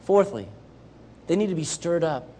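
A man's voice: on the high side, moderate pace, slight background noise. A man with a Southern US accent preaching a sermon as a missionary, acting out Bible characters as he goes. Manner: animated, acts out Bible characters.

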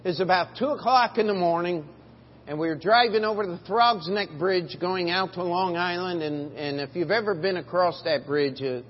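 A man's voice: high-pitched, normal speed, slight background noise. A middle-aged man preaching a sermon as pastor, in a folksy, emphatic way with frequent restarts, recorded in a church sanctuary. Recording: dull, lo-fi church recording with long reverb.

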